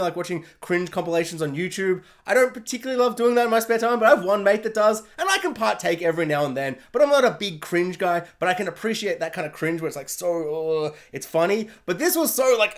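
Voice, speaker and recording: In a video review, a man with a high-pitched, somewhat bright voice delivers an exasperated, self-mocking rant. He's a show reviewer who frequently breaks into laughter.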